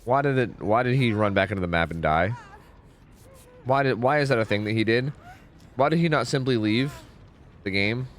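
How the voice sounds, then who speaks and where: A man's voice: medium pitch, moderate pace, long pauses, a little hiss or hum. A man streaming a video game, giving casual commentary with exasperated, joking, rambling asides to his chat.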